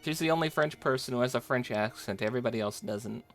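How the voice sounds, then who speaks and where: A man's voice: medium pitch, quick pace, fairly bright tone, soft background music. A man streaming a game, chatting and joking casually with his chat and laughing often.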